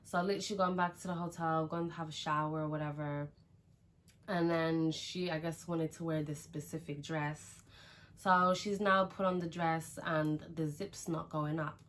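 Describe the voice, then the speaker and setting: A woman's voice: low-pitched, fairly even intonation, normal speed, fairly bright tone. A young woman, chatting frankly through a casual storytime, with lots of "like" and some swearing. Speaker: vlogger.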